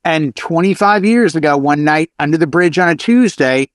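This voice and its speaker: Chatty storytelling man, slightly high voice. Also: expressive, moderate pace, dry recording, studio quality. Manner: storytelling, chatty, acts out his announcements. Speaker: DJ show host. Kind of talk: casual chat. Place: convention hallway.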